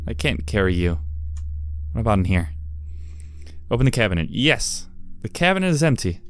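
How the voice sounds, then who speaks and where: A man's voice: on the low side, very animated, moderate pace. A man giving wry, chatty commentary while playing a game and reading its text aloud. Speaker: let's play gamer.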